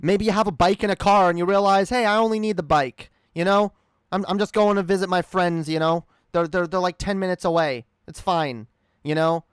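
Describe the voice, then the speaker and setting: A man's voice: high-pitched, steady tone, brisk, smooth, dry recording, studio quality. A man streaming a reaction, ranting in a heated, profane, rambling way.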